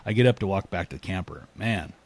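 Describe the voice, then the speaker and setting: Low-voiced guy spinning a hunting yarn on a podcast, laughs a lot, acts out the other people in it. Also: quick pace. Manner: animated, laughs often, acts out what people said. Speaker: podcast guest, elk hunter. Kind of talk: casual storytelling.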